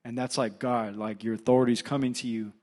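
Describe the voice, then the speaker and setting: A man's voice: mid-range voice, flat delivery, fairly quick, a little mellow. A young man with a Californian accent, an assistant pastor telling a personal story in a casual sermon full of fillers. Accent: Californian English. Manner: conversational, filler-heavy storytelling. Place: church.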